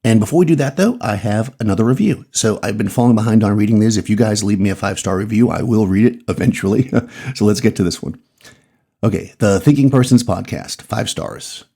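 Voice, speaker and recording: A middle-aged man with a Massachusetts accent, hosting his podcast and talking out loud in a loose, rambling way with small laughs. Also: on the low side, brisk, slightly rough. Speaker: podcast host, photographer. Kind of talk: casual solo podcast monologue.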